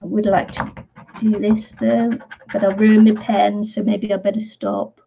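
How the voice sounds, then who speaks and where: British woman, craft vlogger, unhurried and mellow, giggly rambling chat, dull lo-fi recording. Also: medium pitch, little pitch movement, creaky, a little hiss or hum. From Britain. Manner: chatty, rambling, laughs often. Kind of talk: casual chat while crafting.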